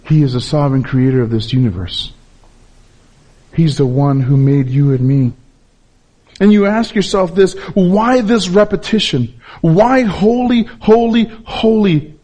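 A man preaching a sermon, stressing key words by repeating them and dropping low and slow on important points. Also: mellow.

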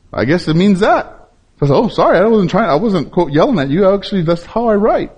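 A man preaching a sermon, stressing key words by repeating them and dropping low and slow on important points. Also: animated, a little mellow, slightly rough.

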